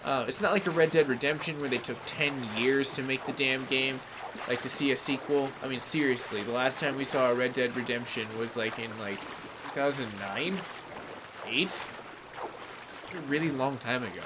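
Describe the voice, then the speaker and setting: Speaking at a medium pitch and normal pace against background noise, this man is a gaming livestreamer from California's Bay Area. He wanders casually through live commentary on his game and says hello to chat viewers by name.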